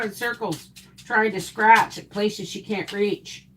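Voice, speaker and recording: A middle-aged woman hosting a casual live chat, cooing at her dog in a high baby voice between chatty talk to her viewers. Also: fairly even intonation, slow, fairly bright tone, slight background noise. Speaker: homestead livestream host.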